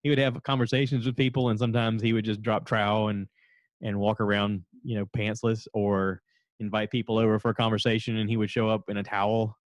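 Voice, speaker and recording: A man hosting his own podcast, chatting casually and rambling from one story to the next, now and then jumping into a high voice to quote people. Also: fairly quick, no echo. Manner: rambling, animated, jumps into high voices when quoting people. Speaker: podcast host. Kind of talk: casual solo podcast chat.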